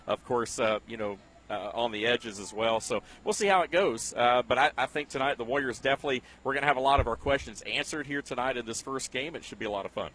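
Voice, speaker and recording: Veteran male play-by-play man, fast and loose, mid-pitched, easy laugh. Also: a bit bright. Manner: easygoing, laughs often, rambling. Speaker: play-by-play announcer. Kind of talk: high school football commentary.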